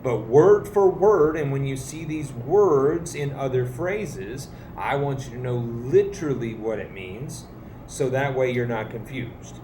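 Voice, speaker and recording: A man's voice: medium pitch, lively intonation, a little slow, mellow, slight background noise. A man teaching a language lesson to students, patient and explanatory with playful emphasis. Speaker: Spanish teacher. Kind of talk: classroom video lesson. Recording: echoey room, faint ambience.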